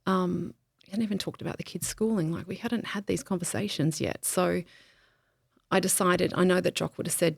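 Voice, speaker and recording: Woman w a lowish creaky voice, podcast guest telling her story, lots of ums and restarts, dry close sound. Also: steady tone, dry recording. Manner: halting, many ums and restarts. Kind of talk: emotional interview, personal story.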